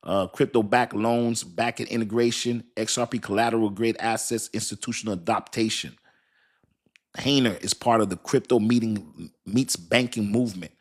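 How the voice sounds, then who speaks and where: A man's voice: fairly low pitch, steady tone, normal speed. Chatty male crypto live-streamer. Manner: loose and chatty, talks straight to his chat, repeats himself; laughs often and thinks aloud while reading. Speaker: crypto livestream host. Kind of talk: casual live-stream chat.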